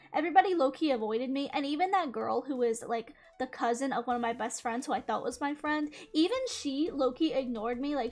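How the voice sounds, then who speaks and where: A young woman chatting casually through a storytime, animated and swearing freely. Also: high-pitched. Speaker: YouTuber.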